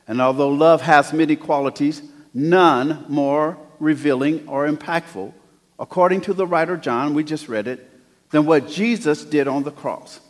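Pastor, man, higher register, sermon that runs from hushed to loud, echoing church hall. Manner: swings from hushed to loud preaching. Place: church sanctuary. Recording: long church reverb.

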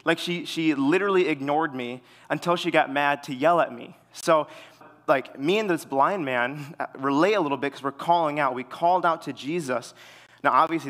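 A young man giving a sermon in a relaxed way, full of fillers, telling stories with animation. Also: a little high. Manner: relaxed, filler-heavy storytelling; animated when retelling stories. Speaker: preacher. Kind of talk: casual sermon.

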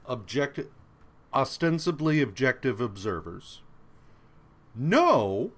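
Slow, lively-voiced man ranting. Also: mid-range voice. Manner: exasperated, ranting, swears freely. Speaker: podcast co-host. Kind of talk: casual chat.

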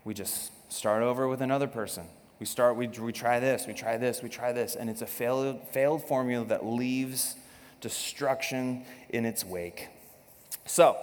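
Animated joking pastor in reverberant hall. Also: male voice, medium pitch. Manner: animated, joking, acts out quotes. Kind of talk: sermon.

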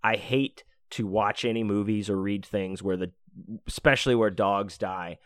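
A man's voice: lowish voice, fairly even intonation, normal speed, smooth, no echo, studio quality. A man hosting a podcast, telling a heartfelt story in a rambling, casual way, with many fillers, restarts and casual swearing. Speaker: podcast host.

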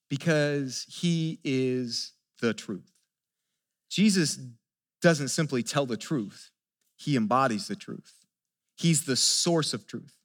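A pastor preaching a sermon. He talks earnestly, keeps asking rhetorical questions and stumbles over repeated words as he builds each point. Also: fairly high pitch. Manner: asks the listeners rhetorical questions.

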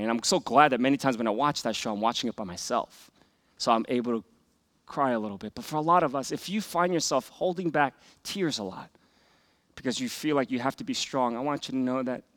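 In a mid-range voice, a pastor delivers an earnest sermon, swelling for emphatic scripture passages and sinking into soft, hushed asides.

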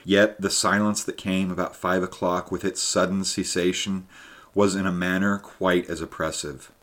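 A man with a very low voice reads a story aloud. His narration is measured and steady, and he lifts his voice for tense moments. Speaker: audiobook narrator. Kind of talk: scripted narration.

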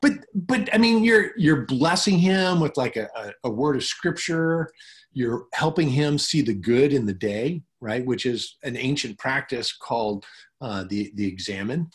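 A man's voice: mid-range voice, animated, measured pace. A middle-aged male pastor preaching, breaking into effusive, enthusiastic praise as members share. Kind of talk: sermon with congregation sharing.

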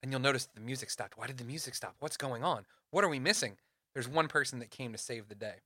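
A young man co-hosting a casual podcast, animated and playful, building up dramatic fan crossover stories. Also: mid-range voice, fast, no echo, studio quality. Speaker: podcast co-host.

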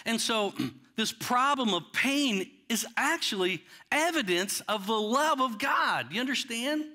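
A male pastor preaching a sermon in a conversational way, with dramatic pauses and acted-out quotes. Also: very high voice, animated, pushed and bright.

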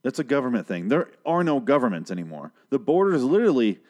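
A man's voice: mid-range voice, very animated, fast, darkish tone. A man hosting a casual talk show, rambling and swearing heavily as he recaps an episode and interrupts his own sentences. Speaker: podcast host recapping a TV episode. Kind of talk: casual profane chat.

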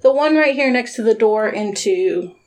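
A woman's voice: fairly high pitch, expressive, normal speed, a little mellow, rough recording. A woman narrating and guiding players as game master of a tabletop role-playing game.

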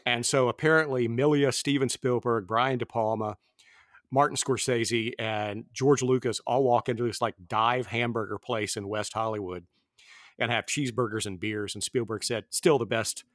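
A man's voice: medium pitch, fairly even intonation, moderate pace, a bit bright, dry recording, studio quality. A man in his fifties hosting a podcast, chatting casually about films in a rambling way. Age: 50s. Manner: rambling, with many fillers and restarts. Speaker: podcast host. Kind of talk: casual film discussion.

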